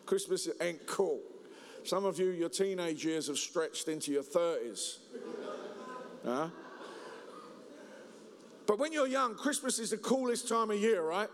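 A man preaching a humorous Christmas sermon, joking and telling stories in an animated way. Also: high-pitched, unhurried, pauses often. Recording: reverberant hall.

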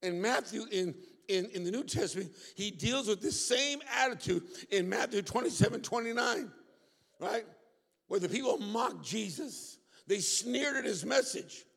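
Preacher, male, high voice, gravelly tone, animated sermon delivery. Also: normal speed. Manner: lively preaching with call-and-response asides. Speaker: pastor. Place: church hall. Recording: reverberant hall.

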